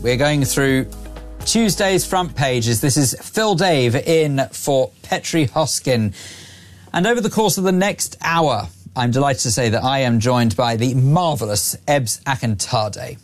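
A man in his forties presenting a talk radio show, brisk and opinionated with a sarcastic edge. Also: medium pitch, animated, soft background music. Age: 40s.

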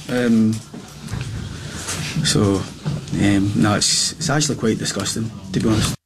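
A man, a football manager, answering questions in a halting, dismayed way with many pauses. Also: fairly low pitch, fairly even intonation. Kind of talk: press conference answers. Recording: clip with loud background noise.

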